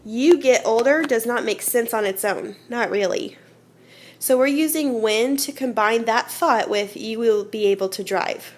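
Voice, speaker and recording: A woman's voice: fairly high pitch, unhurried, a little hiss or hum. A woman teaching a children's grammar lesson, patiently explaining step by step and often checking in with "okay?". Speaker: elementary school teacher.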